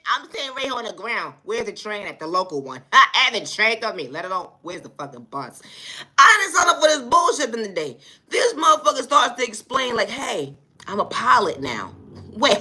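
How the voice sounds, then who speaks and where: Woman vlogger, lively bright voice, foul-mouthed comic rant, exasperated and laughing. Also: fairly low pitch. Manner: profane, exasperated, laughing often. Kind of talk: comedic storytelling rant.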